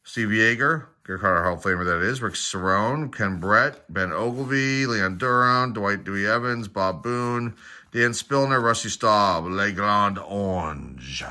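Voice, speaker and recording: In a voice on the low side, pushed and bright, a middle-aged man narrates opening baseball card packs. He reels off player names one at a time, dropping in casual asides as he goes.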